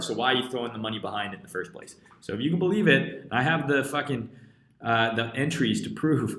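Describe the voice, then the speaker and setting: A man's voice: mid-range voice, a bit bright, echoey room. A man from rural Canada with a Canadian accent, ranting bluntly and profanely in a casual trading live stream while reading chat. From rural interior British Columbia, Canada. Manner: blunt and profane, heavy swearing.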